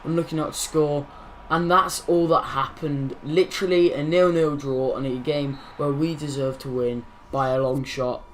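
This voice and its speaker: A man's voice: a little high, little pitch movement, normal speed, few pauses, a little hiss or hum. A young man hosting his gaming channel, casually commenting over football game footage, rambling and correcting his own slips.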